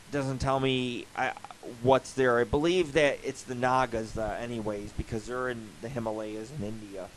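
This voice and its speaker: A man's voice: mid-range voice, a little hiss or hum, rough recording. A man hosting a live internet radio show, rambling casually with lots of swearing and asides. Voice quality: profane, rambling storyteller.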